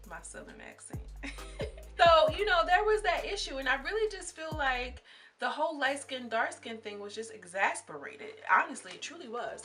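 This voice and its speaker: Bright and forceful in a mid-range voice, a young woman vlogger talks her viewers through a series in chatty, emphatic commentary. She addresses them as sis and girl.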